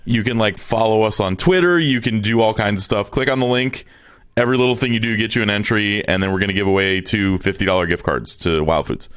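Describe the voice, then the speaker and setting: A man's voice: lowish voice, fast talker, a bit bright, smooth. A man co-hosting a casual podcast, laid-back, laughing easily and correcting himself as he goes. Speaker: podcast co-host. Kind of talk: casual chat.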